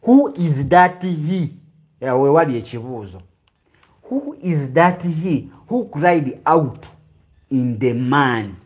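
A man with a Ugandan accent preaching a teaching sermon, drawing out key phrases slowly and then rushing ahead. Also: fairly high pitch, sing-song.

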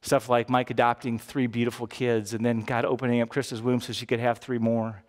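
A man in his fifties preaching a sermon as pastor, earnest and swinging from emphatic peaks down to quiet, low moments. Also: flat delivery, a little fast. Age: 50s.

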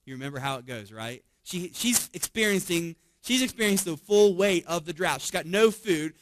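A man preaching a sermon as a pastor, conversational and animated, often chuckling and checking in with his listeners. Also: high voice, moderate pace, noisy background. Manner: conversational, tags lines with "right?" and chuckles often; animated storytelling with frequent restarts.

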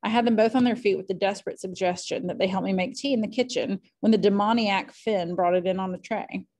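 A woman reading a classic novel aloud at home, with clear, expressive storytelling. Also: mid-range voice, fast. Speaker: audiobook reader.

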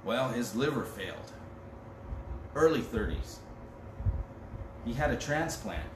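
Casual joking pastor in a roomy church. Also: male voice, mid-range voice, animated, slow. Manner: casual, joking, reads scripture aloud. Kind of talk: conversational sermon. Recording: roomy and distant with background noise.

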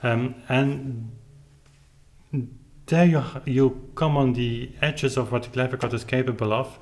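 A clavichord player speaks in reflective commentary with demonstrations, thoughtfully explaining his interpretation and hunting for the right words. His voice is medium-pitched, fairly even and unhurried. Faint clavichord playing fills the gaps between remarks.

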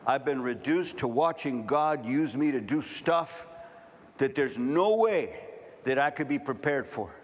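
A middle-aged man preaching a sermon, telling stories and building to fervent shouting. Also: mid-range voice, lively intonation, measured pace, a little hiss or hum. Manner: storytelling, rising to fervent shouting.

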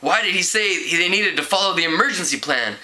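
A man's voice: high voice, animated, a little fast, bright, forceful tone, exaggerated voice, poor audio. A man reading aloud and voicing a confident, scheming teenage boy.

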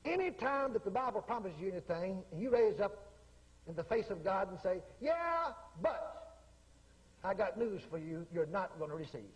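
A man's voice: sits high, brisk, breathy edge, big-room sound, low-quality recording. A man preaching in a folksy storytelling way, often repeating his phrases. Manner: folksy, repetitive, acts out quotes. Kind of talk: sermon storytelling.

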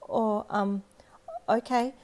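An Australian woman voicing a shy four-year-old boy in an audio story, soft and hesitant. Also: medium pitch, steady tone, drawn-out words, pitched above the performer's own voice.

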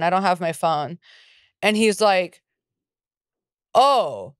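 A woman co-hosts a casual podcast, swearing freely as she tells animated stories and acts out the dialogue. Her voice sits a little low and comes through smooth and clear. The sound is dry and close. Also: takes it slowly, pauses often, dry recording. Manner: profane, animated storytelling with acted-out quotes. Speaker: podcast co-host. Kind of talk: casual chat.

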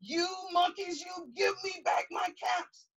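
Storybook cap peddler, a fed-up man scolding monkeys, high-pitched and slow, put on by a woman reading aloud. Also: big pitch swings, far from the mic, exaggerated voice. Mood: angry. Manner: slow, drawn-out angry scolding.

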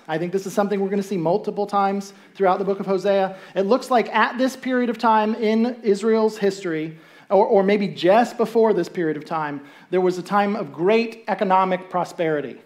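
In a church sanctuary, a pastor delivers a sermon in a relaxed, conversational style, his mid-range voice moving at normal speed with a slightly mellow quality. He checks in with the congregation through rhetorical questions and briefly voices the people in the story.

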